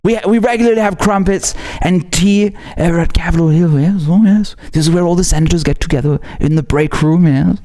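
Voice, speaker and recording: A man's voice: high-pitched, fairly quick, few pauses, mellow, lightly acted. A man voicing a mock-posh, self-satisfied male senator in an exaggerated, prim and proper tone. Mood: smug mockery.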